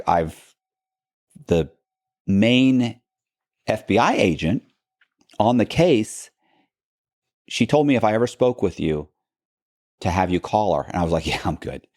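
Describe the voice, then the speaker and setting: Interview guest, male, low gravelly voice, rambling storyteller who keeps restarting sentences. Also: a little mellow, no room sound, clean studio sound. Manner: rambling, many restarts and asides, acts out quoted people. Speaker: podcast guest. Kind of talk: casual storytelling in a long-form interview.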